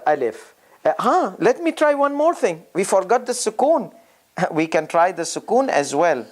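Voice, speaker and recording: Slow, sing-song reading teacher. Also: medium pitch. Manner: drills syllables aloud, repeating each sound slowly; thinks aloud with frequent "uh" and restarts. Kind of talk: step-by-step reading lesson.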